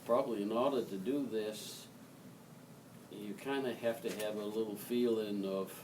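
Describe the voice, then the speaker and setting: A man on a discussion panel, talking in a measured, thoughtful way about supporting a loved one. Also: fairly low pitch, steady tone. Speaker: panelist, parent of a brain injury survivor. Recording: distant mic with clear room noise.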